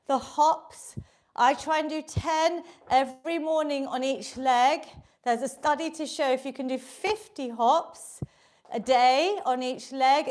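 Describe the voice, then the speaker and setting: A woman instructor runs a live online workout, her voice set high. She talks at a slow, steady pace, calling out each movement and counting reps. She keeps encouraging everyone the whole way through. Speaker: fitness instructor. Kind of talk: coaching a live online exercise class.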